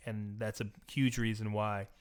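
A young man telling a personal story in a reflective, earnest, soft-spoken way. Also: on the low side, flat delivery, unhurried, smooth.

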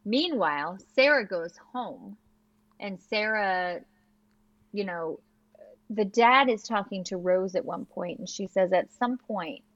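A woman co-hosting a podcast, chatting casually and retelling scenes with quick quoted lines. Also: on the low side, dry recording, muffled recording. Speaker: podcast co-host. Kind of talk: casual recap chat.

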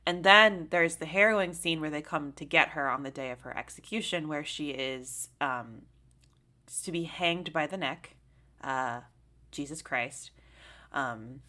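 A young woman co-hosting a casual talk about a film, her voice sitting low yet sounding bright and forceful. She rambles in an animated way, filling gaps with "like" and the odd curse. The tone is loose and conversational. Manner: animated, heavy on "like" fillers, swears freely. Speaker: podcast co-host.

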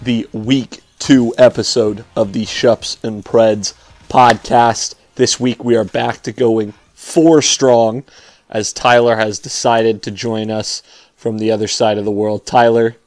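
A man's voice: on the low side, flat delivery, measured pace, a little mellow, dry recording. A man hosting a casual sports podcast, opening with wry announcer-style intros and chatting with his co-hosts. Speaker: podcast host.

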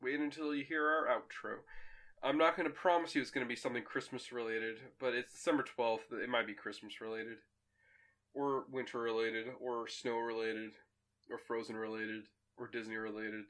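A young man co-hosting a podcast, telling stories in an animated, laughing way. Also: mid-range voice, moderate pace. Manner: animated and laughing, bursts of energetic storytelling. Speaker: podcast co-host. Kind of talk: casual chat.

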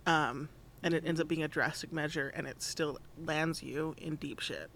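A man's voice: fairly high pitch, steady tone, normal speed, gravelly, fairly bright tone, a little hiss or hum. A man co-hosting a casual chat, talking in an easygoing, reflective way with many fillers.

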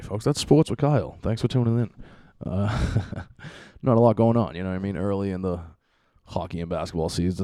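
A man's voice: sits low, warm tone, dry recording, studio quality. A man in his thirties hosting a casual podcast, rambling loosely with lots of profanity and laughter. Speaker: podcast host.

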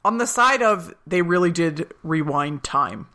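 A woman's voice: fairly low pitch, expressive, a little slow, bright, forceful tone. A woman co-hosting a podcast, chatting casually and retelling scenes with quoted lines. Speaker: podcast co-host. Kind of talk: casual recap chat.

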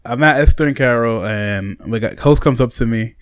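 A man's voice: medium pitch, a little fast, clean tone, no echo. A man, a fellow stand-up comic, chatting casually and telling his own story. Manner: relaxed, chiming in with short replies. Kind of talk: casual chat.

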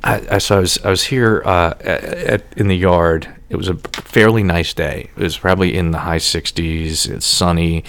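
A man telling casual, profane stories with lots of laughter in an animated, swearing manner. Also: deep voice, normal speed, hardly any pauses.

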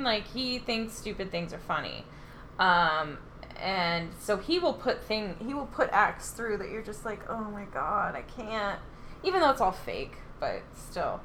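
Lively giggly young woman podcaster. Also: medium pitch, a little hiss or hum. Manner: chatty, swearing, giggly, lots of fillers. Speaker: podcast co-host. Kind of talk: casual chat.

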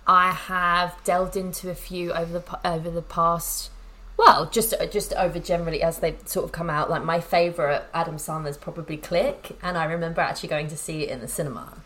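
Chatty, rambling woman, lowish voice. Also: moderate pace, a bit bright. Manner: chatty, rambling, with many ums and laughs. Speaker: podcast co-host. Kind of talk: casual film podcast chat.

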